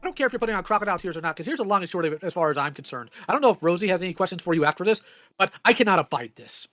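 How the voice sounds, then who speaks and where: A man's voice: sits high, expressive, rapid-fire, bright, forceful tone, dry recording, soft background music. A man on a voice call angrily confronting someone, accusatory and emphatic. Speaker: voice call participant.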